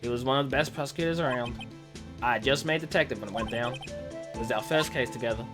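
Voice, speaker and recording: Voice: medium pitch, over music, pitched below the performer's own voice, natural voice. A streamer putting on a drawling cowboy detective. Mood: laid-back. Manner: slow put-on cowboy drawl. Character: drawling cowboy male detective, laid-back. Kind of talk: reading game dialogue aloud.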